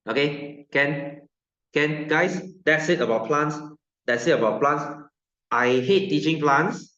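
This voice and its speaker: A man's voice: on the high side, slow pace, bright, forceful tone, roomy sound, lo-fi sound. Joking Malaysian man teaching science. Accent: Malaysian English. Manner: joking, chatty, laughs often, mixes in Malay. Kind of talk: online class teaching.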